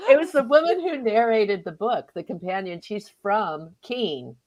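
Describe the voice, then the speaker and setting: A woman's voice: medium pitch, expressive, a little slow, muffled recording, noisy background. A woman author chatting as a guest on a radio show, often laughing and acting out her own past remarks. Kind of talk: casual interview chat.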